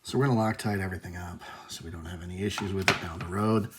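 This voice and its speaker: A man's voice: deep voice, fairly even intonation, fast talker, heavy background noise. A man hosting a casual workshop video, talking through his work at a bench with dry, self-deprecating asides and muttered remarks. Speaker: host. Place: workbench.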